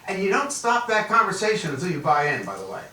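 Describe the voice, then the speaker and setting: A man from Newark, New Jersey, speaking as a keynote guest and acting out stories with a lively, swooping delivery. His voice is bright and sits fairly high. It rings out in a roomy hall, caught by a mic set some distance off. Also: fast talker. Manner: animated storyteller acting out dialogue. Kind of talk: motivational leadership keynote.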